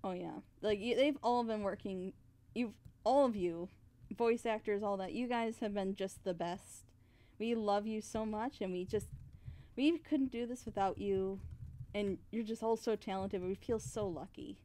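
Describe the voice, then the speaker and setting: A woman's voice: medium pitch, unhurried, dark tone, a little hiss or hum. A woman voice actress co-hosting a casual stream, effusive and giggly, laughing often as she chats.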